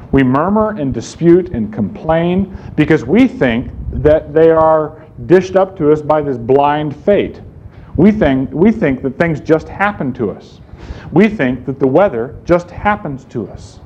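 A man's voice: a little high, darkish tone. A man preaching a sermon in an emphatic way, asking rhetorical questions and answering them himself. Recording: slightly dull recording with faint room noise.

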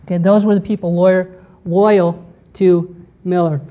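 A woman teaching a history lesson to a class, explaining step by step and often pausing to check in with "okay". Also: on the low side, fairly even intonation, lo-fi sound. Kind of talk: lecture on church history.

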